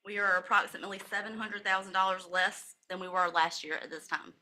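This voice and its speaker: A woman with a bright, clear voice reads through a county financial report at a commissioners' meeting. She walks through percentages and dollar amounts in a steady, methodical way and corrects herself briefly when she misspeaks. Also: medium pitch, fairly quick.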